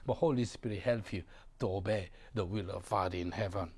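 A man's voice: sits low, fairly quick, darkish tone, husky. Emphatic preacher man, broken English. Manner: emphatic, repeats phrases, asks the congregation to respond; non-native English with broken grammar. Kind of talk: sermon.

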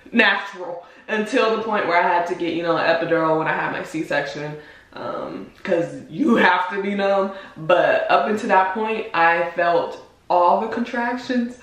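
A woman's voice: fairly low pitch, very echoey, distant mic. A woman in her twenties chatting to her viewers, emotional and close to tears, often laughing. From United States. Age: 20s. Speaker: vlogger. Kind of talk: emotional reaction vlog commentary.

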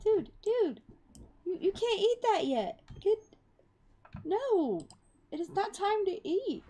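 A young woman chatting over a life-sim game, excitable, exclaiming and laughing at what happens on screen. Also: extremely high pitch, slow pace. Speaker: gaming YouTuber. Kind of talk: casual game commentary.

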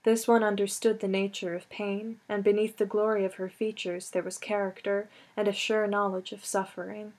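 A woman reading a novel aloud as an audiobook, in measured, steady storytelling narration. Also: medium pitch. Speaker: audiobook reader. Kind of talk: scripted narration.

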